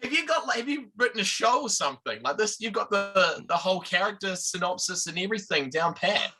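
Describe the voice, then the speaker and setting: A man's voice: high-pitched, lively intonation, brisk, pushed and bright. A man chatting as an interview guest, upbeat and thinking aloud with fillers. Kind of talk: casual chat.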